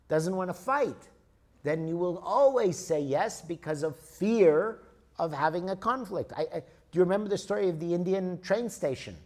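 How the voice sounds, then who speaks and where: A man's voice: a little high, lively intonation, unhurried, darkish tone. Older man giving a spiritual lecture. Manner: storytelling, conversational, explains with examples.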